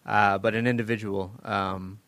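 A man with a fairly low voice hosts a relaxed panel chat. He tells stories loosely, with fillers and laughter. The sound is dry and close to the mic. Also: normal speed, no room sound. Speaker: podcast host.

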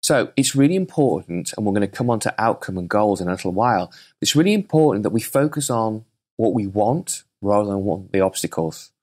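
A man hosting a podcast, giving an earnest, energetic motivational talk with storytelling. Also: fairly low pitch, a little fast. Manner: earnest, energetic, with some restarts. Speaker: podcast host.

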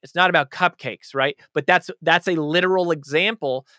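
A man's voice: fairly high pitch, moderate pace, sharp tone, no echo, studio quality. A man speaking as an author being interviewed, talking in a passionate, emphatic way. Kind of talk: conversational interview answers.

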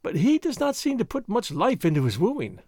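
A man's voice: high voice, huge pitch swings, normal speed, warm tone, no echo, clean studio sound, voice pushed up, heavily acted. A man putting on a flustered young noblewoman. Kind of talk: audiobook character voice.

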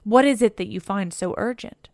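A woman's voice: mid-range voice, normal speed, a little mellow, dry recording, studio quality, natural voice. A woman reading the lines of a shrewd male warrior chieftain asking questions in a formal manner, in her own voice. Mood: puzzled.

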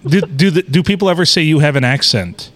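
A man's voice: on the high side, brisk. A man, co-hosting a podcast in crude, joking casual chat. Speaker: podcast co-host.

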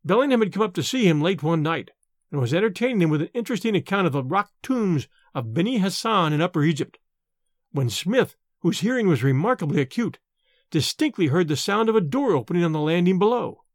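A man narrating an audiobook of a Victorian horror story in an expressive, theatrical way. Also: high-pitched, a little fast, dry recording, clean studio sound.

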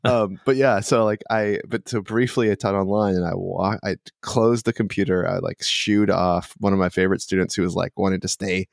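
A man's voice: low voice, steady tone, moderate pace, gravelly, few pauses, no echo, clean studio sound. A man hosting a podcast, chatting casually and animatedly with lots of restarts and laughter. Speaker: podcast host and dungeon master. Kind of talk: casual chat.

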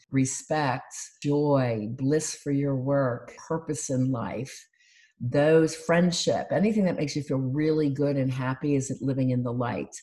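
A woman life coach giving a calm, instructive talk on gratitude and mindfulness, listing things one by one. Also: very deep voice. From United States.

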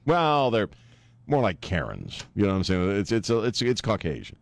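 Low-voiced joking radio host. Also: male voice, wildly swooping pitch, moderate pace, vocal fry. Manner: rambling, joking, laughs often. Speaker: radio talk show host. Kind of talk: casual talk radio banter.

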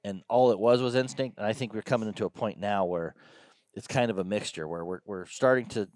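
A man who trains hounds, talking about them in an easygoing way and letting his sentences trail off softly. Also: lowish voice, brisk, no echo, studio quality. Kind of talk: casual conversation.

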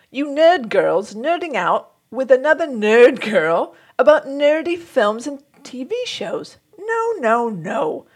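A woman voicing a snooty, mock-outraged letter writer in a put-on British accent, reading listener mail with theatrical, drawn-out exclamations. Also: high voice, pitched above the performer's own voice, heavily acted.

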